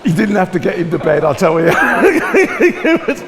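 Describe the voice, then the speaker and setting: A man's voice: high-pitched, wildly swooping pitch, unhurried, in a large hall, crowd noise. A man telling stage anecdotes to an audience, theatrical and exclamatory, laughing often. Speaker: television chef.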